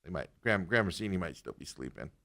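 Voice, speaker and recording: A man's voice: low voice, expressive, racing, creaky, fairly bright tone. A man hosting a casual sports talk show, rambling and trailing off as he talks. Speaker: podcast host.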